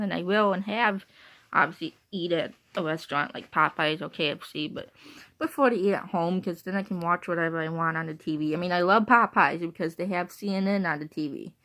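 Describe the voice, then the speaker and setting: A woman's voice: on the low side, fairly bright tone. A woman talking casually to her viewers, rambling and repeating herself, with bursts of laughter between thoughts. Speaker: vlogger.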